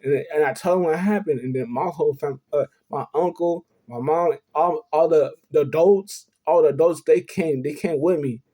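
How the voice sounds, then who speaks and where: His voice is warm and a little high, moving at a normal speed with few pauses. In his vlog, the young man earnestly confesses a personal story, rambling, going over the same ground, and repeating "you know what I'm saying."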